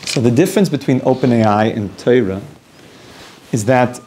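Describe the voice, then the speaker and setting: A man's voice: medium pitch, normal speed, warm tone, a little hiss or hum. A man who is a rabbi teaching an informal Torah class. He explains ideas through long worked examples and often restarts his sentences.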